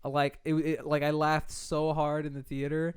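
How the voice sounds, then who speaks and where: Chatty young man, smooth slightly high voice. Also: level tone, normal speed. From Queens, New York. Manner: loose storytelling with many likes and laughs. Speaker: podcast co-host. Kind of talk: casual podcast chat.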